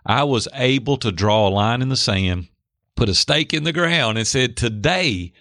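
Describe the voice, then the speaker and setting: A middle-aged man telling a personal story in an interview, lively, acting out the voices of the people in it. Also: mid-range voice, normal speed, no echo, clean studio sound. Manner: animated, acts out quoted voices. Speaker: guest. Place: Hendersonville near Nashville.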